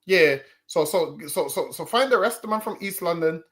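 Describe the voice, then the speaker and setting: A man's voice: high voice, lively intonation, normal speed, a bit bright. Argumentative man co-host. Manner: argumentative, restarts and stammers. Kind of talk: reaction commentary.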